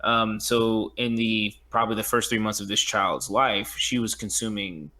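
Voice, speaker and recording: A man co-hosting a podcast talks through a film in easy, unhurried chat. His speech is loose and full of slang. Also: on the low side, steady tone, pushed and bright. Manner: laid-back, loose slangy talk. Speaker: podcast co-host. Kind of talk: casual chat recapping a film.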